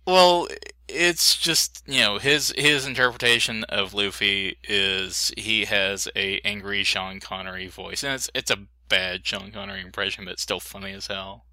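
A man's voice: on the low side, unhurried, few pauses, sharp tone, dry recording. A man joking in casual podcast chat, dropping wry asides.

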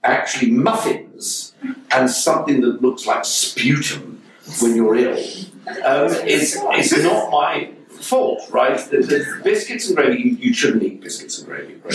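A man's voice: mid-range voice, animated, measured pace. A middle-aged English man chatting as an interview guest, telling rambling wry anecdotes with lots of restarts. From England. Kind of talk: casual interview chat. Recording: echoey room, distant mic, faint noise.

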